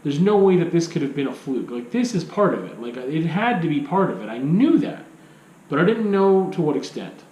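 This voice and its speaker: A man's voice: fairly high pitch, big pitch swings, fairly quick, darkish tone, roomy sound, dull audio. A man giving a casual film review, rambling, with many restarts and rhetorical questions.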